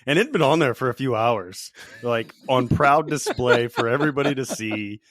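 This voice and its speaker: A man on a casual podcast recounting a prank with mock solemnity. He keeps breaking into laughter as he talks. The recording is close and dry, at a middling male pitch. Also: moderate pace, fairly bright tone, dry recording. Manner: mock-solemn, laughing through his story. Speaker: podcast co-host.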